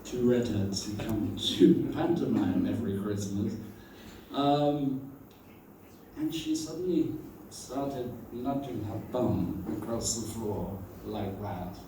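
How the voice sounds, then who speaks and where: A man giving a storytelling tribute about an old friend, animated and acting out the voices he quotes. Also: lowish voice, takes it slowly, slight background noise. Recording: very echoey room, voice from far off.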